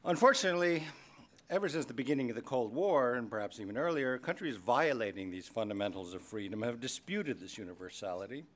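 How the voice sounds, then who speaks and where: A man's voice: mid-range voice, animated, fairly quick. A man giving a keynote speech at a formal dinner, starting loose with fillers and turning firm and emphatic. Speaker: keynote speaker, head of state. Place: large banquet hall.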